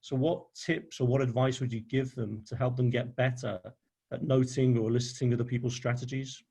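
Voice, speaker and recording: A man hosting a webinar over a video call, relaxed and friendly, reading viewer comments and asking interview questions. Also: medium pitch, brisk, gravelly, breathy edge. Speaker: webinar host.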